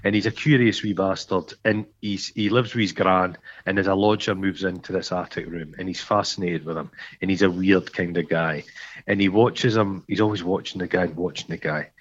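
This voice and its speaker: Teasing Scottish man, low voice. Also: fairly even intonation, a little fast. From Scotland. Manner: teasing, mock-grand storyteller. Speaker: podcast co-host. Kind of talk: casual chat. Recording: dull lo-fi sound.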